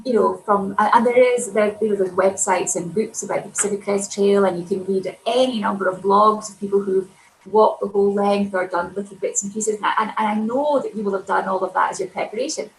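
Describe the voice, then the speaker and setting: A woman's voice: medium pitch, steady tone, fairly quick, a little hiss or hum, low-quality recording. A woman hosting a live broadcast interview, encouraging her guest with prompting questions. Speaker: host.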